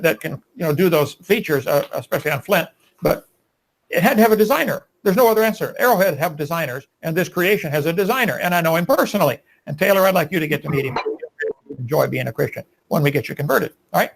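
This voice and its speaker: A man's voice: fairly high pitch, vocal fry. A man making emphatic, preachy arguments in a live debate.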